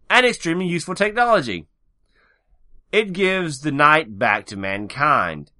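A man's voice: fairly high pitch, big pitch swings, moderate pace, bright, forceful tone. A man co-hosting a podcast, reading gun news in casual chat with sarcastic, joking asides. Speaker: podcast co-host.

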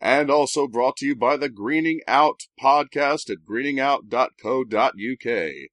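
A man co-hosting a podcast, reading sponsor ads and the intro in a jokey, deadpan way. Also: medium pitch, measured pace, few pauses, no echo. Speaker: podcast co-host. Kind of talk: casual podcast talk and read ads.

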